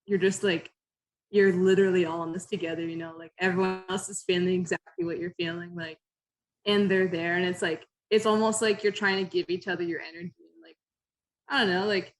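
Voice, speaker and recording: A woman's voice: lowish voice, fairly even intonation, brisk, poor audio. A woman, a guest climber, chatting casually and searching for words with many fillers. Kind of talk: casual podcast chat.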